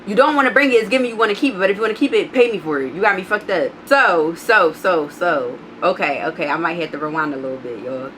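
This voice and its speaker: Woman vlogger, storytime, blunt and cussing, crisp bright voice, faint background hum. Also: fairly low pitch, fast talker, few pauses, low-quality recording. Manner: blunt, profane, animated, reading out text messages. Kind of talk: storytime vlog.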